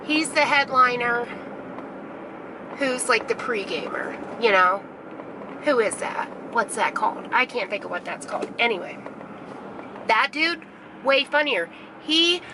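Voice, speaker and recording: High-voiced, chatty, swearing young woman vlogger. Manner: chatty, profane, rambling. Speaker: beauty vlogger. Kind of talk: casual vlog while driving. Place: in a car. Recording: noisy car recording.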